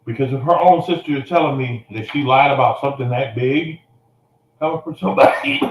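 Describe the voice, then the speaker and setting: A man's voice: medium pitch, echoey room, rough recording. A man telling an emotional personal story, blunt and profane, coughing now and then.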